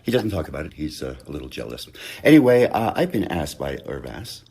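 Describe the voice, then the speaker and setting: Deadpan older man, very deep voice. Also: brisk, creaky, background noise. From Canada. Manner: deadpan self-mocking. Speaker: guest comedian. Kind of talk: recorded message, dry joking.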